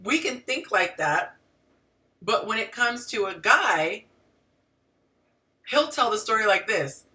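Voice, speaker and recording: A woman's voice: mid-range voice, slow, pauses often, recorded from a distance. A woman hosting a casual livestream as a relationship coach, talking animatedly and straight to her viewers with frequent asides. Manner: animated, talks to the audience directly with frequent asides. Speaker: relationship coach and show host.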